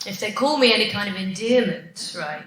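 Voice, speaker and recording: A woman's voice: mid-range voice, lively intonation, a little fast, a bit bright. A woman from the UK, a guest musician, telling a chatty, self-mocking comic story on a live stage. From United Kingdom. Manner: chatty and self-mocking, laughing as she tells it. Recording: roomy, distant, noisy live recording.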